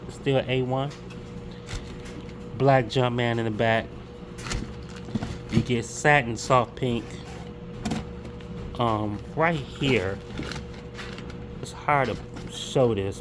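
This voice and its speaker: In a loose, unhurried vlog style, a man with a middle-pitched voice talks about his sneaker pickups using casual slang. He restarts and repeats words, and a steady noise is clearly audible beneath his voice.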